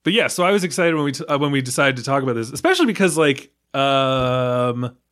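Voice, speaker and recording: A man's voice: medium pitch, animated, a little fast, fairly bright tone. A man from the United States talking casually about a film, rambling with many fillers, restarts and small laughs. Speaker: film podcast guest.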